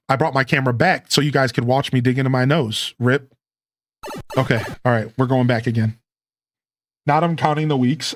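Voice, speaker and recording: A man live-streams a modded life-sim game, chatting in a relaxed, slangy way to his viewers and to himself. His voice is mid-range, with slight background noise.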